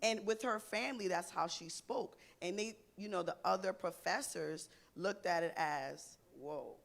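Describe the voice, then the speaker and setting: A woman's voice: medium pitch, moderate pace, creaky. A woman speaking as a guest on a panel talk show, passionate and emphatic. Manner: passionate, gestures while speaking.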